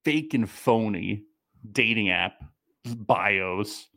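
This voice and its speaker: A man co-hosting a podcast in casual chat, animated, exasperated and profane. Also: on the low side, extremely slow, creaky, no room sound, clean studio sound. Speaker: podcast co-host.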